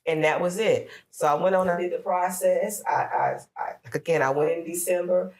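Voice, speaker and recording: A woman from Florida, a guest on a podcast, tells an emotional personal story, acting out her prayers and what others said. Her lowish voice is steady and darkish, at normal speed.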